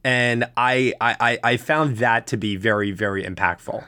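A man's voice: mid-range voice, moderate pace, no room sound. Casual male film podcast host. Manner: conversational, animated when explaining, frequent fillers. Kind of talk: casual film review chat.

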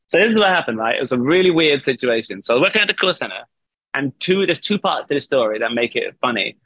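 A man's voice: medium pitch, a bit bright, husky, no echo. A man telling a long, rambling story in a casual interview over a video call, laughing often and swearing. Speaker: band vocalist, guest.

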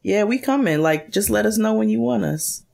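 A woman's voice: medium pitch, lively intonation, moderate pace, creaky, darkish tone. A woman co-hosting a podcast, playfully reading listener emails aloud and joking around. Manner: playful, laughs often, jokes while reading. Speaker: podcast co-host.

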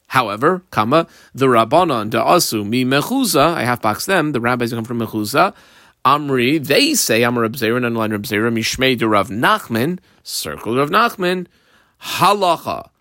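A man's voice: medium pitch, a bit bright, no echo. Man teaching Talmud, dry close sound. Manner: methodical, translates each phrase and marks up the text as he goes. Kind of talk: line-by-line Talmud study lesson.

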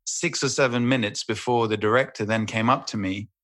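A man's voice: lowish voice, steady tone, brisk, a bit bright, dry recording. A man, an actor, telling rambling, crude anecdotes with swearing in casual chat. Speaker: actor guest.

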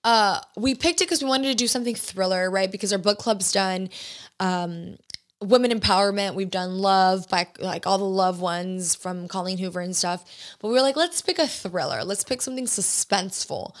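A woman's voice: medium pitch, steady tone, normal speed. Young woman podcaster, casual catch-up chat, rambling delivery with fillers and restarts. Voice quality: chatty, many fillers and restarts. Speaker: podcast host.

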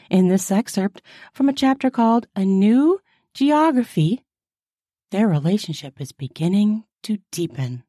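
A woman hosting a podcast, reading erotic fiction aloud in a slow, soft, intimate way. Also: medium pitch, big pitch swings, dry recording, clean studio sound.

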